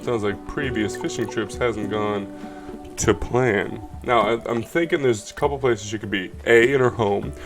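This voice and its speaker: Over music, a man with a voice on the low side talks in a steady tone and at a slightly slow pace. He's doing let's play commentary, chatting casually as he plays, cracking jokes and reading the game's lines out loud.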